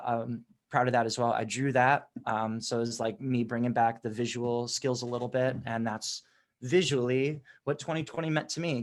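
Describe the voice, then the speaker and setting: A man talking as a musician guest on a podcast, in an eager, rambling way. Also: medium pitch. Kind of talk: casual interview chat.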